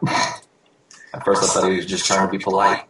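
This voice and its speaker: Deep-voiced young man in an echoey room. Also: completely flat delivery, moderate pace. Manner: rambling, many ums and restarts. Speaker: podcast co-host. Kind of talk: casual gaming chat. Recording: very echoey room, faint hiss.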